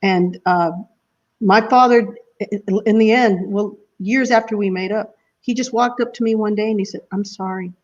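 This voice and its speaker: A woman's voice: mid-range voice, fairly even intonation, normal speed. A woman guest telling an emotional story in casual interview chat, laughing often. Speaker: guest musician. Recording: muffled lo-fi audio.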